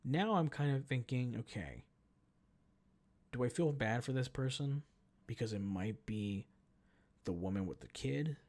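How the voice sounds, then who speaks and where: Gravelly, animated man telling a story. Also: mid-range voice, unhurried, pauses often. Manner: animated, profane, self-mocking. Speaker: podcast host. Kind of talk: casual storytelling rant.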